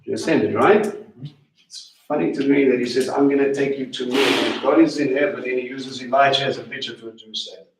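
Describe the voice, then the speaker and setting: A man teaching a congregation at a Passover meal. He talks in an animated way, asks many questions and slows down to stress key words. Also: mid-range voice, a little hiss or hum. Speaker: teacher leading a Passover Seder. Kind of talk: sermon-style teaching. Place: congregation hall. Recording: echoey room, voice from a distance.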